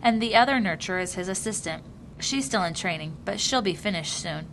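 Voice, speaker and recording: A woman's voice: mid-range voice, expressive, brisk, fairly bright tone, a little hiss or hum. A woman voicing an earnest, curious young boy who talks eagerly and with wonder. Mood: hushed proud.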